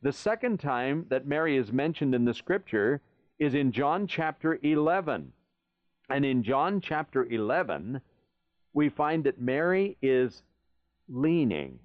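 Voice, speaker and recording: A man's voice: mid-range voice, sing-song, a little slow, dry recording. A man preaching a sermon in an earnest, pastoral way, speaking to the listener as a friend. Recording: dry, dull lo-fi sound.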